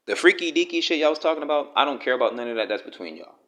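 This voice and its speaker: A man's voice: on the high side, very animated, very fast, a bit bright. A man with delivering a blunt, profane, scolding rant to the camera, talking straight at the person he criticizes. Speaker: commentary vlogger.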